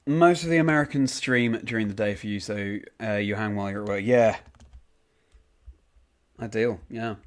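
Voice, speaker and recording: A man's voice: on the low side, moderate pace, long pauses. A young man streaming a game, casually reading out and answering chat messages with frequent ums. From United Kingdom.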